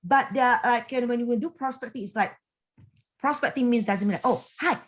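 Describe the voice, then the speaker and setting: Woman, business coach, motivational talk, video call, chatty, animated, fairly high voice. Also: fairly quick. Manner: animated and chatty, many fillers, laughs often. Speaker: business coach and team leader.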